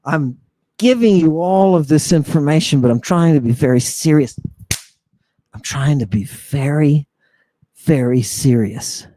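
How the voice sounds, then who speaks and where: A man hosting a live lecture for viewers, talking in a theatrical, mocking, preacher-like way and stressing his words slowly. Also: on the high side, warm tone. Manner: slow and emphatic. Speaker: host.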